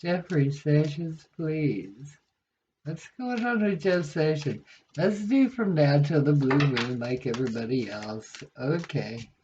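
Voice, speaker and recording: A man's voice: on the high side, animated, slow, darkish tone, dull audio, slight background noise. A man rambling and musing aloud as he reads tarot cards at home, talking to spirit between draws. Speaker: tarot card reader. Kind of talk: casual rambling card reading.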